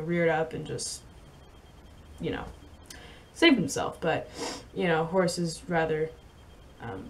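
A woman's voice: fairly low pitch, a little hiss or hum. Young woman rambling through a story. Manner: rambling, halting, with many fillers and soft laughs. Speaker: vlogger and horse rider. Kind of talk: casual storytelling to camera.

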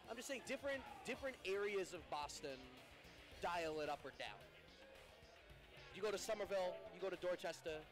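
A man's voice: high voice, expressive, a little fast. A man commentating a fighting game stream in casual chat, teasing his co-host and explaining local pronunciations. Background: background music.

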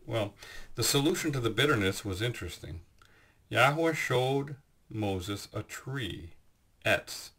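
A man giving a Bible teaching, explaining scripture in a measured way with frequent pauses and fillers. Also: fairly low pitch, gravelly, fairly bright tone.

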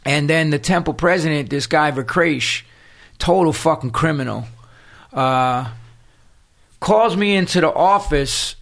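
A man's voice: a little high, measured pace, gravelly, a bit bright. A man, a guest telling a story in casual conversation, streetwise and full of cursing, acting out the people he quotes. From New York City.

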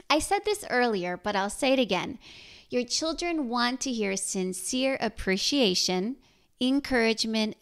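A middle-aged woman hosting a parenting podcast, speaking in a gentle, encouraging way and asking her listeners questions. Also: mid-range voice. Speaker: podcast host.

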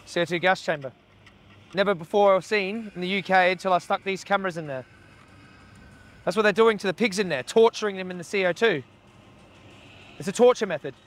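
A man's voice: high voice, fairly quick, pauses often. Man, blunt, swearing, confrontational activist, outdoors, handheld camera. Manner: blunt, heckling, swears a lot. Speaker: animal rights activist. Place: outdoors by a slaughterhouse.

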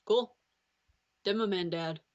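A woman's voice: mid-range voice, takes it slowly, darkish tone. A woman from Scotland in casual, giggly, teasing chat with a friend. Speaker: co-host and friend. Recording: slightly muffled audio.

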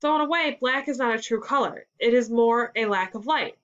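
A woman's voice: on the high side, brisk, a bit bright, natural voice. A woman doing a chirpy clever little girl. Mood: cheerful. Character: bright, cheerful young girl Amy. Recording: slightly dull lo-fi sound.

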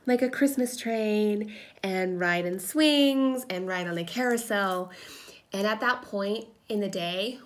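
A woman in her thirties chatting casually with lots of fillers as she tells stories during a crafting vlog at home. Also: mid-range voice. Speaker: crafting vlogger. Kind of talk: casual chat while crafting. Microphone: camera propped on a table.

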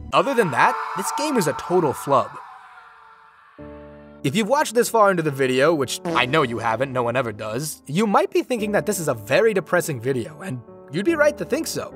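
A young man narrating a scripted comedic video game review in a dry, sarcastic, self-deprecating way. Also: high voice.

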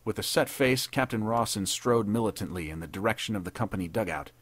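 A man narrating a 1930s pulp war story in a measured, dramatic reading. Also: lowish voice, animated, a bit bright, breathy edge, dry recording. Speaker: podcast narrator.

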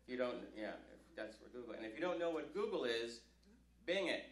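A man's voice: medium pitch, animated, fairly quick, very noisy. Male stand-up from Northern California, loose and self-mocking, recorded live in an echoey club. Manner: self-deprecating, rambling with restarts. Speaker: stand-up comedian. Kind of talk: stand-up comedy set. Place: comedy club stage.

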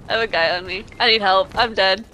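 A woman playing a shooter game with friends, teasing and laughing in quick bursts. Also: medium pitch, slight background noise, low-quality recording. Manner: giggly, teasing, bursts of excitement. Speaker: gaming co-player. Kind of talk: casual gaming chat. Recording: loud game gunfire behind.

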